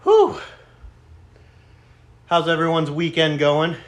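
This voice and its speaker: A man's voice: medium pitch, normal speed, a bit bright. A man live-streaming from a gym, a bit out of breath from lifting. He talks loosely and jokes with viewers, reading their comments aloud. The sound comes from a camera mic. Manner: chatty, joking, reads out chat. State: out of breath between sets. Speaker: fitness streamer. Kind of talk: casual live-stream chat during a workout.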